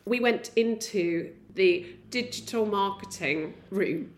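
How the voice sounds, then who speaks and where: A woman's voice: mid-range voice, slow pace, a little hiss or hum. Chatty woman co-hosting a podcast. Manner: chatty storyteller, animated retelling. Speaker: podcast co-host. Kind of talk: casual chat.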